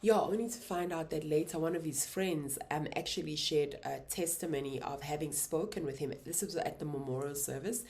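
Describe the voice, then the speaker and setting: South african woman in her 30s, low voice, soft and halting, telling her own story on a vlog. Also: a little hiss or hum. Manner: soft, halting, emotional retelling. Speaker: YouTuber.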